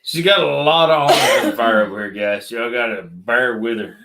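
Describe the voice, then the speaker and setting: A man with a drawl chats through a late-night livestream from a metal shop. His voice is bright and forceful, and he teases along in a relaxed, joking way. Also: mid-range voice, a little fast. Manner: joking, drawling Southern talk. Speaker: livestream co-host.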